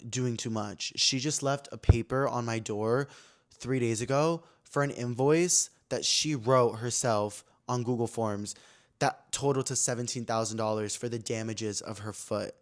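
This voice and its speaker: Animated young man telling a story. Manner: animated, acts out quotes in a high excited voice. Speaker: podcast host. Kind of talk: casual storytelling.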